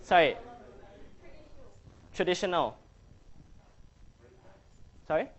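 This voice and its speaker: A man's voice: high voice, expressive, extremely slow. A man coaching a debating workshop, chatty and joking as he quizzes his audience. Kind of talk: casual workshop presentation.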